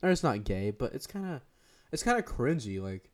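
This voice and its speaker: A man's voice: medium pitch, big pitch swings, normal speed. Brief: teen boy podcast co-host, casual slangy chatter, laughs a lot. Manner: slangy, laughs often, rambling. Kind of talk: casual chat between friends.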